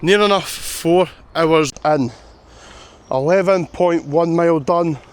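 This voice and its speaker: Man, vlogger, worn out outdoors, fairly high pitch, chatty and self-mocking. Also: takes it slowly, loud music behind the voice. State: tired and sore from long walk. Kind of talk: walking vlog to camera. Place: outdoors on a coastal path.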